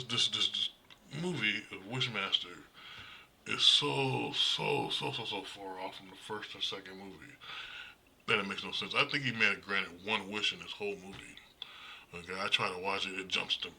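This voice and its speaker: A man's voice: sits low, sharp tone, slight background noise, low-quality recording. A man casually reviewing horror movies in a blunt, profane, rambling way, often restarting his sentences.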